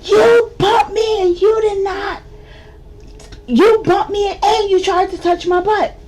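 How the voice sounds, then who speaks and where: A woman voicing an indignant woman who accuses a stranger on the street and shouts her accusations. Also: very high voice, a little slow, a little hiss or hum, pitched above the performer's own voice. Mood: accusing.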